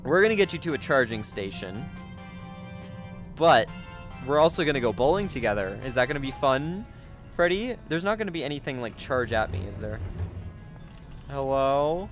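Jumpy excitable man playing a game. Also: medium pitch, normal speed, pauses often, faint music behind. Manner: jumpy and excitable, gasping and yelping at scares. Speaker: gaming YouTuber. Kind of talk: let's play commentary.

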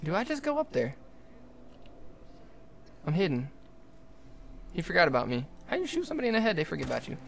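A young adult livestreamer giving jokey, excitable commentary while playing, often talking to the game's characters. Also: mid-range voice, fairly quick, creaky, pauses often, slight background noise. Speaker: gaming livestreamer. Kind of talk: live gameplay commentary.

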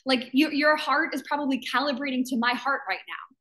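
Speaking brisk and high with a steady, pushed brightness, this woman founded a business community and is firing up its members on a live video call. Her talk is fervent and emphatic, with repeated phrases and quoted impressions of doubters.

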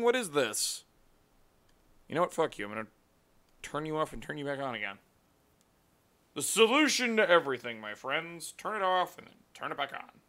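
A man's voice: on the high side, big pitch swings, moderate pace, long pauses, pushed and bright. A man streaming live, ranting in a profane, exasperated way at his computer.

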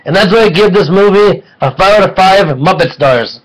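A man giving a casual online film review, excitable and rambling, with jokes between points. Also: high voice, normal speed, hardly any pauses, rough recording.

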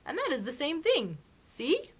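Woman voicing a sweet old good witch, calm, measured, storybook, lively lilt. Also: high-pitched, background noise, pitched above the performer's own voice, full character voice. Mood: kindly.

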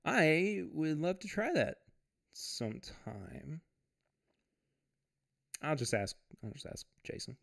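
Chatty man, lively slow drawl. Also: mid-range voice. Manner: chatty, laughs often, rambling with restarts. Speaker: podcast host. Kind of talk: casual livestream chat, reading viewer comments. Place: at home.

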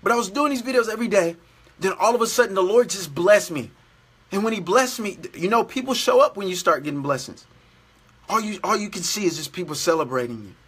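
Male preacher, high bright voice, earnest repetitive devotional exhortation. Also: animated, a little fast, breathy edge. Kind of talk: daily devotional sermon.

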